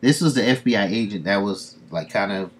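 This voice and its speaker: A man's voice: on the low side, brisk, breathy edge. A man streaming live, reading comics and casually recapping the story in a loose, rambling way. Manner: rambling, loose summarizing with fillers.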